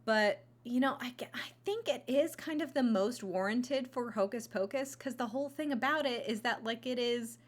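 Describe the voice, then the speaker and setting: A woman's voice: fairly high pitch, moderate pace, hardly any pauses. Woman rambling about movies on her vlog, lots of um and like, right up on the mic. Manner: rambling, animated, many fillers and restarts. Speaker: vlogger reviewing movies. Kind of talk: casual chat. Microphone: close mic.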